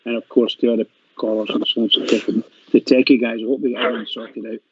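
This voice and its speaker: A man's voice: medium pitch, flat delivery, fast talker. A man giving an upbeat, rousing sign-off on fan radio. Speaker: co-presenter. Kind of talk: rallying sign-off. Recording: dull lo-fi line with faint hiss.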